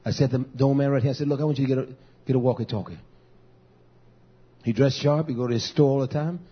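A man preaching as a pastor, lively and storytelling, acting out conversations with people from his congregation. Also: mid-range voice, fast, husky. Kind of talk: sermon. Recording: dull lo-fi recording.

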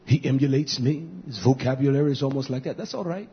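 A male preacher with a raspy, breathy voice delivers a sermon, repeating lines for emphasis and climbing to loud high bursts. The recording is muffled and lo-fi, with the treble rolled off. His pitch sits in the middle range for a man. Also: fast. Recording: dull lo-fi recording.

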